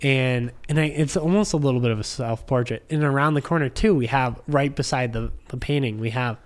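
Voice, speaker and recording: A man's voice: medium pitch, fairly quick. A man telling a long anecdote as a podcast guest in his living room, rambling with plenty of "like" and acting out what people said. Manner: rambling, heavy use of "like", acts out quoted speech. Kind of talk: casual storytelling chat.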